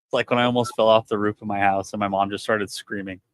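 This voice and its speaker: A man co-hosting a podcast in easy, casual talk, relaxed and profane. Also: lowish voice, quick pace, clean tone, no echo. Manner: laid-back, swearing, agreeable sidekick.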